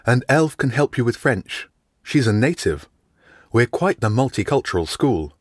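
A jovial middle-aged housemaster, raised high and cheerful, as a male narrator puts her on. She speaks brisk and formal from a dry, close booth. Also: very animated, slightly rough, no room sound.

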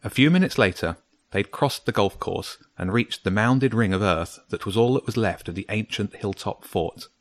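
A man reads a children's story aloud at a measured, steady pace. His voice sits on the low side. The sound is dry and close, with no room echo. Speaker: narrator. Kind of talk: scripted storybook narration.

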